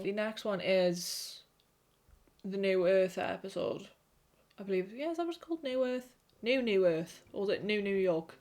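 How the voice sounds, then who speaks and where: A young Welsh woman chatting to camera, animated, swearing and laughing often. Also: mid-range voice. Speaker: vlogger. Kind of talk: casual chat to camera.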